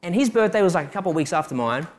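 A young man delivers a sermon, moving between personal stories and a string of rhetorical questions. His voice sits a little higher than most men's. He speaks with a personal, testimony-like directness. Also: animated, very fast. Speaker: preacher giving a testimony.

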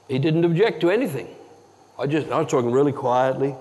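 A man's voice: medium pitch, fast talker. Man preaching in a reverberant church. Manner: earnest, drops to a hushed tone for dramatic moments. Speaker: pastor. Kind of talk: sermon storytelling. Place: church hall. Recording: long hall reverb.

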